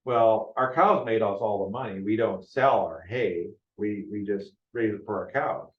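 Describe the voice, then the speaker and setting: A man with a lowish voice and moderate pace runs a business planning workshop as a casual classroom lecture, speaking conversationally and often checking in with the group. He's in a meeting room with a live audience, and the room recording is lo-fi and echoey.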